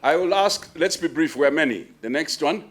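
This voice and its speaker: Guy running a q&a at a book launch, quick and jokey, fairly high voice, keeps everyone brief. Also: animated, a bit bright. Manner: brisk, bantering, urging brevity. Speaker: moderator of audience questions. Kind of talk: chairing a Q&A session. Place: lecture hall with an audience.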